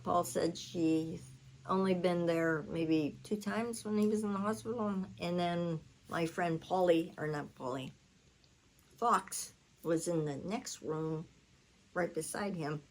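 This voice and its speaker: A woman with a lowish voice hosts her own channel, telling a long story in casual chat while cooking, in a rough recording with slight background noise. She rambles, corrects herself mid-sentence, and uses blunt, salty words.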